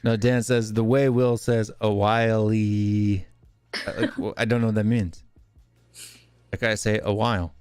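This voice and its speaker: A man's voice: on the low side, steady tone, moderate pace, darkish tone, smooth, no room sound, faint music behind. Southern guy hosting a footy podcast, teasing drawl, dry sound. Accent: Southern US, Texas and East Tennessee mix. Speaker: podcast host. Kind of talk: casual fan podcast chat.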